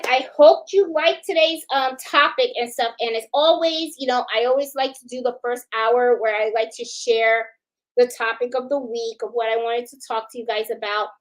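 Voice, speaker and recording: Greeting each viewer individually, this middle-aged livestream host from New York City talks in a chatty, filler-heavy way and often restarts. Her voice is on the high side, captured in a low-quality recording.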